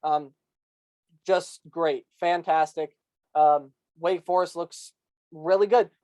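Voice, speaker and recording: A man's voice: a little high, fairly even intonation, slow, darkish tone, no room sound. A man hosting a casual sports recap, congested, rambling with many ums and likes. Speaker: host.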